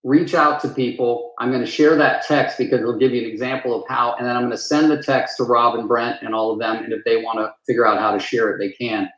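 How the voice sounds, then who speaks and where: A man's voice: mid-range voice, fairly even intonation, a little fast, few pauses, fairly bright tone. A man speaking as a real estate coach at a live town hall, earnest and emphatic, repeating phrases for weight. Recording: roomy echo.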